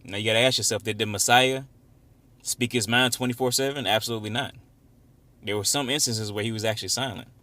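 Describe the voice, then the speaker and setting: A man leading an informal Bible study, reading verses slowly and with emphasis, then explaining them in casual, conversational talk. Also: on the low side, fairly even intonation, bright, forceful tone. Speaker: Bible teacher.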